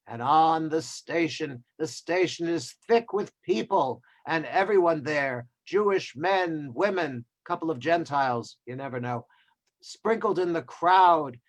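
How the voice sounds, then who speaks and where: Rabbi, male, wry storyteller, slightly high voice, video call sermon. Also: poor audio. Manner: wry, joking asides.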